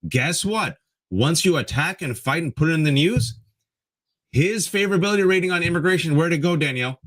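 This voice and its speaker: A man co-hosting a political talk show, ranting fast and mocking politicians in sarcastic voices. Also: a little high, animated, a bit bright. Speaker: co-host. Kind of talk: heated political commentary.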